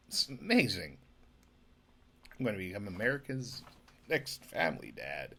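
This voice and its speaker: Giggly gravelly man rambling drunk. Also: fairly low pitch, very animated, normal speed, long pauses. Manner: giggly, rambling, swings between mutters and shouts. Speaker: comedy vlogger. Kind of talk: drunk rambling comedy riffs.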